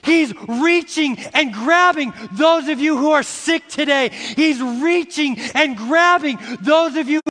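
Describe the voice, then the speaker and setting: A middle-aged man preaching a sermon, repeating phrases slowly for emphasis and rising into shouts as he addresses the congregation. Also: very high voice, in a large hall. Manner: uses "y'all" and "see" to address the congregation. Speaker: pastor.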